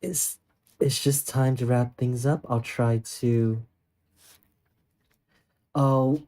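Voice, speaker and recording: This is a young adult streamer from Northern California with a Northern Californian accent. The voice has a mellow, dark tone. The delivery is chatty and rambling, with thoughts forming aloud while answering a live audience. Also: medium pitch, little pitch movement, slow pace, low-quality recording. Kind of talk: casual livestream chat with viewers.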